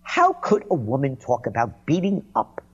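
A man's voice: mid-range voice, wildly swooping pitch, normal speed, fairly bright tone, slightly rough, lo-fi sound. A man delivering a sarcastic, indignant political monologue, mocking and scornful as he rants. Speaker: commentator.

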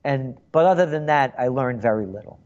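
A man's voice: mid-range voice, animated, brisk, a little mellow, muffled recording. An older man hosting a call-in radio show, rambling and sarcastic, often repeating words. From the Bronx, New York. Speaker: radio talk show host.

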